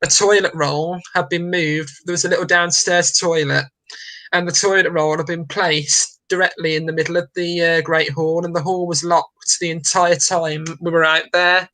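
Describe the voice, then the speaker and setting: Bright-voiced panelist recalling an investigation. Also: medium pitch, level tone, normal speed, poor audio. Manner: recounts an investigation in detail. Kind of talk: casual chat.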